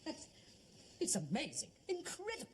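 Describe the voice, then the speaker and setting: An actor playing a fussy amateur theatre director who gushes and stammers. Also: male voice, very high voice, huge pitch swings, moderate pace, heavily acted. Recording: noisy old TV soundtrack.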